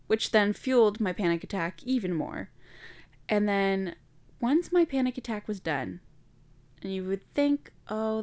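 A woman's voice: medium pitch, darkish tone, smooth. A young adult woman hosting her own podcast, telling a hard personal story in a candid, reflective way. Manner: candid, reflective, slow and emotional. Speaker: podcast host.

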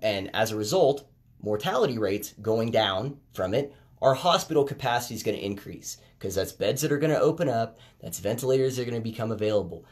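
A man hosting a casual commentary podcast, talking conversationally and getting animated when he makes a point. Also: on the low side, fairly quick. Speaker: podcast host. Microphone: headphones with phone recording.

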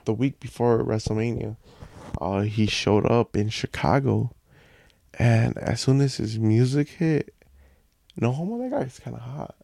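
Gravelly young man telling stories. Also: medium pitch, lively intonation, measured pace, mellow, no echo. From Mexican family. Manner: profane, rambling anecdotes. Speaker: podcast guest. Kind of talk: casual storytelling chat.

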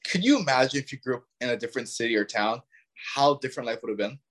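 A man's voice: mid-range voice, expressive, fast, fairly bright tone. A young man from Ontario, a podcast guest musing in easygoing casual chat. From Ontario, Canada.

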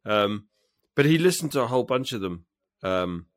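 A man co-hosting a podcast in casual chat, relaxed and playful, with many hesitant ums. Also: mid-range voice, normal speed, no room sound, clean studio sound. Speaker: podcast co-host.

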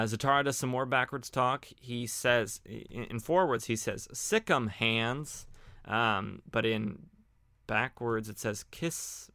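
A man's voice: medium pitch, fairly bright tone, clean tone, no room sound, clean studio sound. A young man casually recapping old comic stories as a podcast host, rambling with frequent fillers and restarts.

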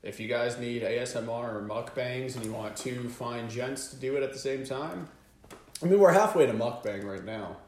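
A young man co-hosting a casual comedy podcast, a lively storyteller who does loud impressions. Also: mid-range voice, moderate pace, echoey room. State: hoarse from a lost voice. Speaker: podcast co-host.

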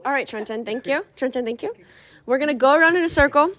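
A woman's voice: sits high, fast, a bit bright. A woman co-hosting a casual podcast chat, leading the group and explaining the game. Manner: leads the group, gives instructions. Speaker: podcast co-host. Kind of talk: casual chat among friends.

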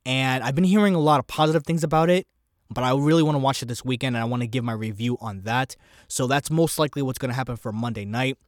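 A man hosting his own solo podcast, rambling and animated as he thinks aloud about a show. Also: medium pitch, fast talker, no room sound, studio quality. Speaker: podcast host. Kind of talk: casual solo podcast commentary.

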